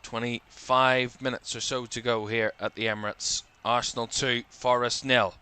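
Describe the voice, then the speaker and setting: A man's voice: mid-range voice, flat delivery, moderate pace, pushed and bright, clean tone. A man giving live football commentary for a watchalong stream, calling player names in short bursts and lifting his voice as attacks build, a little tired. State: tired, yawning.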